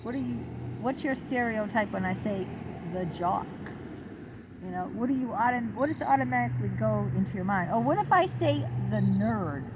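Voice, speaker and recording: A woman's voice: mid-range voice, expressive, normal speed, noisy background. A middle-aged woman talking to camera in a casual, rambling vlog, wandering off topic as she goes. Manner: rambling, chatty, digressive. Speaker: channel host.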